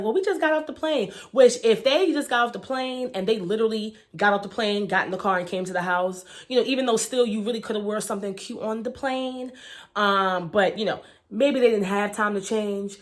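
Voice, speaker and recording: Woman, young adult, casual profane vlog recap, chatty, frank. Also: medium pitch. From Baltimore, Maryland. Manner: blunt, profane, chatty with many fillers. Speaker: reality show reviewer.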